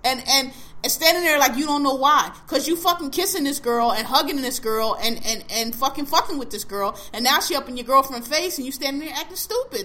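A woman's voice: high voice, animated, a little fast, few pauses, pushed and bright. A woman in her forties hosting a podcast, ranting bluntly and with heavy profanity in casual chat. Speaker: podcast host.

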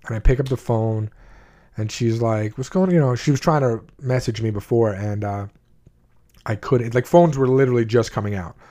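With a dark, steady mid-range voice at a moderate pace, an adult man in his twenties or older recounts his life to viewers. He speaks bluntly and with emotion, restarting sentences again and again in this candid personal account.

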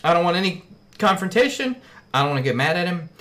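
A man's voice: high voice, very animated, quick pace, fairly bright tone. A man in casual chat, blunt and heated, swearing often as he tells his side of a story.

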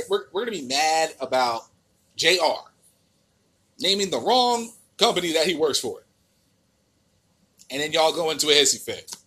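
A man's voice: on the high side, pushed and bright, breathy edge. A man with an American accent hosting a podcast, ranting in a casual, exasperated and profane way with many restarts. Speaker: podcast host.

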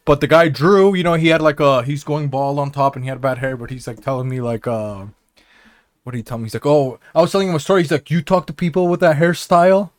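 A man's voice: medium pitch, fast talker, no room sound. A young man co-hosting a podcast, telling rambling, profane stories in casual chat and often laughing at them. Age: young adult. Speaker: podcast co-host.

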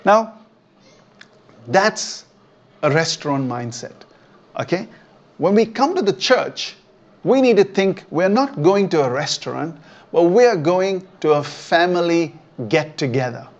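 A man with a high voice preaches to an online church. He talks in a loose, conversational way and keeps checking in with his listeners. The recording sounds dull and lo-fi. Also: very animated, measured pace, pauses often. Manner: conversational, checks in with "okay?" often. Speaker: pastor. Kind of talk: sermon. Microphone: online church stream.

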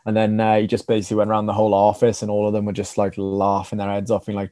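Welsh guy rambling thru a rugby story, low dark voice, dry sound. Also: monotone, racing, hardly any pauses, no room sound. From Wales. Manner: rambling, many fillers and restarts. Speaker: rugby sevens player, podcast guest. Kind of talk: casual chat, storytelling.

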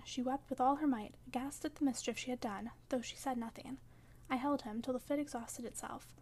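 A woman narrating a classic novel as an audiobook, in measured, even storytelling. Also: high-pitched.

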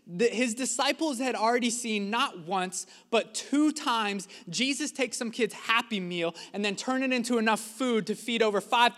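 A man preaching a sermon as a pastor, impassioned, acting out quotes and rising to shouts. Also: extremely high pitch. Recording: long hall reverb.

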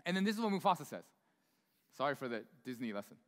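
A man preaching a sermon in a church, in a chatty, informal way full of asides and quick questions to the congregation. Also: medium pitch, big pitch swings, a bit bright. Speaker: pastor. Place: church sanctuary. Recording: long hall reverb in a church.

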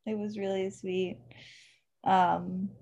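A woman's voice: mid-range voice, level tone, slow, a little mellow, muffled recording. A woman co-hosting a casual book discussion, talking expressively and laughing often. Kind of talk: casual chat.

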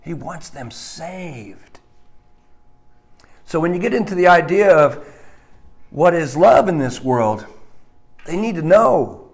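Male pastor mid-sermon, measured and unhurried, emphatic with dramatic drops to a hush. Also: lively intonation, creaky. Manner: emphatic, swings between loud stresses and hushed low lines.

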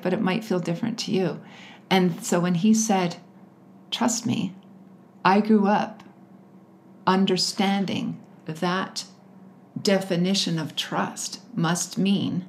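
Interview guest, female, candid storyteller, slightly low pitch, faint noise. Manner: candid, laughs often, animated retelling.

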